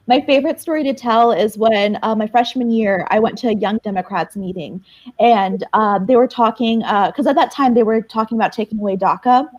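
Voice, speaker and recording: A woman's voice: on the high side, a little fast, muffled recording. A young woman chatting on a livestream, telling stories and acting out what people said. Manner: animated storyteller, acts out quotes. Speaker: livestream guest. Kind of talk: casual chat, storytelling.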